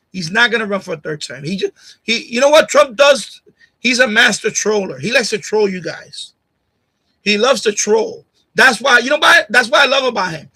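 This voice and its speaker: A male livestream host with a high, bright, forceful, husky voice rants directly at a viewer, combative and repetitive. He's at home on a USB condenser mic on a boom arm, and the recording is rough.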